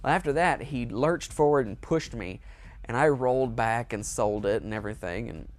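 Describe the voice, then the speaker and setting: A man's voice: mid-range voice, normal speed. A man telling a rambling, amused story in a casual storytime monologue. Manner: rambling, amused, with self-corrections. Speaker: storyteller, show host.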